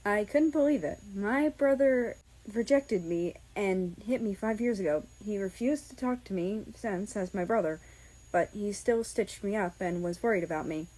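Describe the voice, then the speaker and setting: A woman reading a first-person fan fiction story aloud, calm and measured. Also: mid-range voice, poor audio. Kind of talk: first-person audiobook narration.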